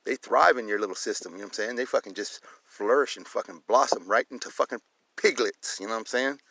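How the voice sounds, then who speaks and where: Male vlogger, heated profane rant, gravelly and rapid. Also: lowish voice, sharp tone, no room sound. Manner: swears constantly, heated, repeats "you know what I'm saying". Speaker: vlogger filming a police and security encounter.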